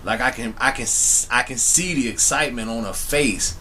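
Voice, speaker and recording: A young adult male vlogger tells his viewers a personal story on camera, relaxed and full of slang, often addressing them directly. His voice is medium in pitch and moves at a normal speed, with a bright, forceful tone. There's a little hiss or hum in the recording.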